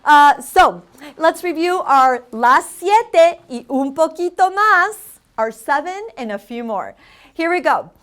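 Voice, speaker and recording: A woman hosting a community TV lesson, chatting casually and drilling vocabulary with loud, repeated prompts. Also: high-pitched, lively intonation, slow pace. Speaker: Spanish teacher and show host. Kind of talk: casual teaching on a community TV show.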